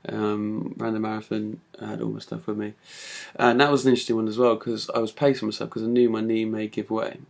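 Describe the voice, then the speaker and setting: A man's voice: fairly low pitch, flat delivery, quick pace, gravelly. A man telling a personal story in a talk, casual and full of fillers. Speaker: speaker giving a talk.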